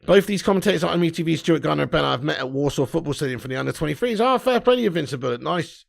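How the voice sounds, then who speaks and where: A man's voice: a little high, animated, rapid-fire, vocal fry. A young man hosting a live football watch-along, commentating and ranting with lots of swearing. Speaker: fan watch-along host.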